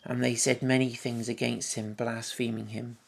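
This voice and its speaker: A man preaching a sermon, reading scripture aloud and musing on it in a gentle, reflective way with soft asides. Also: mid-range voice, flat delivery, normal speed, gravelly. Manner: reads scripture aloud, then muses on it.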